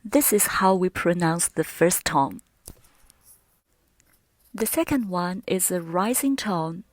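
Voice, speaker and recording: A woman teaching Mandarin pronunciation, carefully demonstrating each tone in drawn-out syllables. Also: on the low side, expressive, no echo. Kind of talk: pronunciation lesson.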